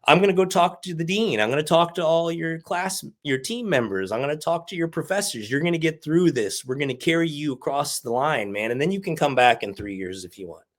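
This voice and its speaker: A man voicing a blunt, profane former officer who is now a professor, gruff and cursing, then firm and reassuring. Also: fairly high pitch, expressive, a little fast, hardly any pauses, pitched above the performer's own voice, lightly acted.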